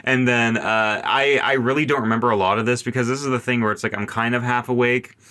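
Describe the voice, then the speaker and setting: A man co-hosting a casual film podcast, jokey and animated, acting out silly lines. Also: medium pitch, fast talker, smooth. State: sleep-deprived. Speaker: podcast co-host. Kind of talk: casual film-review chat.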